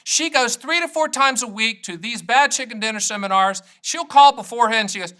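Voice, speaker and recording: A middle-aged man, an annuity agent, talking straight to camera in an energetic, joking way that wanders off on tangents. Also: very high-pitched, fairly quick. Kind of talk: casual direct-to-camera talk.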